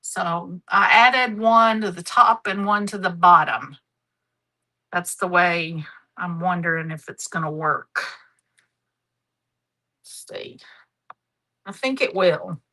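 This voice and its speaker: A woman's voice: lowish voice, steady tone, a little slow, bright, forceful tone, poor audio. A middle-aged woman hosting a live craft demonstration, chatty, homey and affectionate. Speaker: craft show host.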